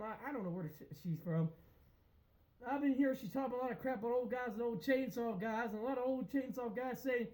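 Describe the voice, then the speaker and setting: A man's voice: very high-pitched, mellow, poor audio. A man who collects old chainsaws, ranting in a casual vlog with brash, rambling, profane trash talk.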